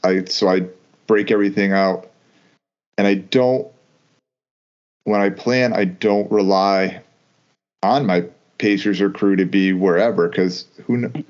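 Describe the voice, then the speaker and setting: Halting man in casual podcast chat. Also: low-pitched, steady tone, darkish tone, muffled recording. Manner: loose, halting talk full of "like" and restarts. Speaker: podcast co-host.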